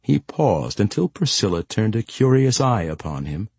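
A man reading fantasy fiction aloud in a measured, expressive storytelling manner. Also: lowish voice, creaky, slightly rough, no echo. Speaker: audiobook narrator. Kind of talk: scripted fantasy narration.

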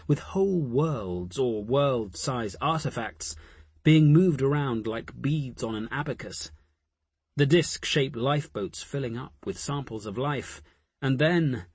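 A man reading a science fiction audiobook as narrator, in a measured, deliberate way. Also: medium pitch, darkish tone, breathy edge, no room sound. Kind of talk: scripted narration.

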